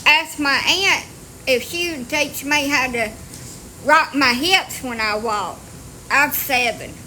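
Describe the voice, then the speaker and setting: A woman tells a story outdoors, talking in a slow, unhurried drawl. Her voice sits a little high, and she is blunt, salty and quick to poke fun at herself. A faint outdoor noise hangs under her phone recording. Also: sharp tone. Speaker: storyteller vlogger. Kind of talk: casual storytelling. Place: outdoors on rural property with dogs.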